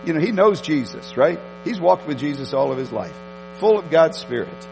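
A man preaching a sermon, telling a story with emphatic repetitions and animated delivery. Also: on the high side, moderate pace, creaky, big-room sound, background noise. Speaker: pastor.

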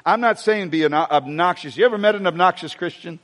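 This pastor's voice sits high and moves a little fast as he delivers a sermon before his congregation. He jokes and quizzes the room along the way, and the sanctuary lends the recording a long hall reverb.

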